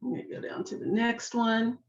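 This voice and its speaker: A slightly hoarse woman teaching a jewelry-making craft step by step, chatting to herself as she works. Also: a little high, steady tone, fairly quick. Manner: chatty, talks to herself while working. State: slightly hoarse, losing her voice. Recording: echoey room, dull lo-fi sound.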